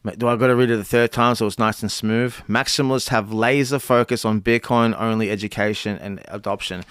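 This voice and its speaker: Young man, casual streamer; smooth, clear voice, close and dry mic, halting reads and chatty asides. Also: fairly low pitch, fairly bright tone, no room sound. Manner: reads cards aloud haltingly, restarts and chats. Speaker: content creator. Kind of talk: casual livestream chat.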